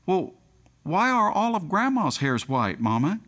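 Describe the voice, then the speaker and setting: A man's voice: high voice, very animated, a little slow, fairly bright tone, pitched above the performer's own voice, exaggerated voice. A man voicing a curious little girl in a sermon anecdote, asking innocent questions. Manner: innocent, inquisitive.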